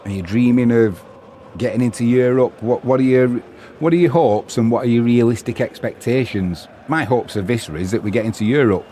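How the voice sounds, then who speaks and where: A man's voice: mid-range voice, a little fast, mellow, a little hiss or hum. A middle-aged Englishman hosting a live match stream, chatting casually and bantering with viewers while commenting on the game. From England. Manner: chatty, bantering, reads viewer messages aloud.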